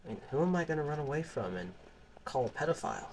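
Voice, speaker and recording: A man's voice: fairly high pitch, very animated, fast, darkish tone, slight background noise. A man giving casual, crude, rambling gameplay commentary, joking with the game characters. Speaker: gaming channel host.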